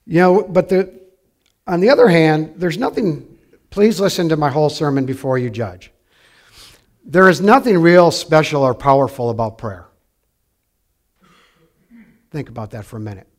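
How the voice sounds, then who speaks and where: Pastor, male, high-pitched, preaching with lively swings between soft and loud delivery. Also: moderate pace, long pauses. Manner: animated storytelling with wide swings from quiet to loud. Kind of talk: sermon.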